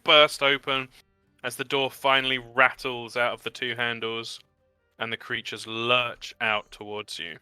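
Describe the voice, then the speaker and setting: Male game master, upbeat narrator, smooth resonant tone, faint music behind. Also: medium pitch, unhurried, dry recording. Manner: lively, upbeat narration with rule explanations. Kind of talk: narrating and running a tabletop game.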